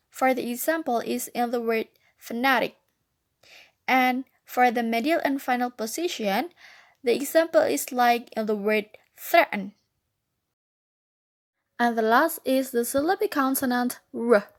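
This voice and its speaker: Slow, careful woman reading a lesson. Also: fairly high pitch. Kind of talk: reading a phonetics lesson aloud.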